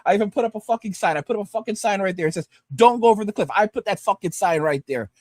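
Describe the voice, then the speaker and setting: A man's voice: sits high, very fast, no room sound. A man rants angrily and profanely at his viewers, repeating himself as he lectures them. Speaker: livestream host reading viewer comments. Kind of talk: profane ranting commentary.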